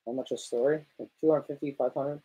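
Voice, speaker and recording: Husky-voiced man telling a profane story. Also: mid-range voice, fairly even intonation, fast, warm tone, highs cut off. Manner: profane, rambling anecdote-teller. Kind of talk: casual storytelling chat.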